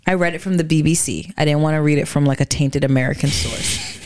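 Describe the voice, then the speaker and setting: A woman in a relaxed chat, her voice sitting a little low. She sounds skeptical and keeps asking questions, restarting her sentences as she works things out. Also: fast. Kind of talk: casual chat. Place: Charlotte area, US.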